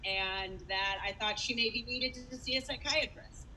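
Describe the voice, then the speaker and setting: A woman's voice: on the high side, a little slow, bright, forceful tone, slight background noise, low-quality recording. A woman stand-up comedian with a dry, self-deprecating delivery.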